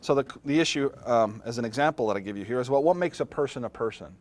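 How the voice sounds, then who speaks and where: Speaking off the cuff to his class, a middle-aged philosophy professor keeps things conversational and stops to ask the room questions. He has a darkish tone and a typical male pitch.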